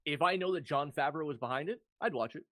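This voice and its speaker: A man's voice: a little high, fast talker, bright, forceful tone, no echo. A man running a tabletop game, explaining the rules casually with frequent ums. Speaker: game master.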